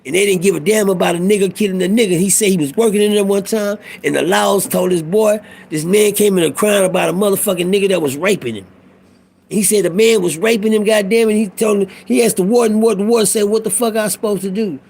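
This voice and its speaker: A man's voice: sits high, fast, creaky, a little mellow, breathy edge. A middle-aged man talking in a casual monologue, telling a profane, preachy prison story in street talk. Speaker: vlogger.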